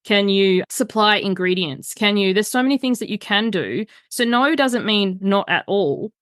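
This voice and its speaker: Animated woman telling stories on a podcast. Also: mid-range voice, normal speed, no echo, studio quality. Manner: animated storyteller, acts out quoted voices. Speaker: podcast guest, boundaries coach. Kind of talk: casual podcast chat.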